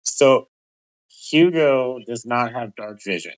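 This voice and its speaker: A man's voice: medium pitch, expressive, takes it slowly, no room sound, low-quality recording. A man narrating as game master of a tabletop game, casual, with frequent laughs and stumbles. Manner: casual, laughs often, stumbles over words.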